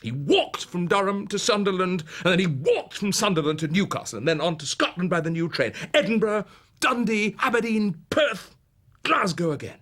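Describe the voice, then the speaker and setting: Husky theatrical storyteller man. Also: sits high, very animated, normal speed, a bit bright. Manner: dramatic, swinging from whispers to rising exclamations. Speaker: narrator and performer.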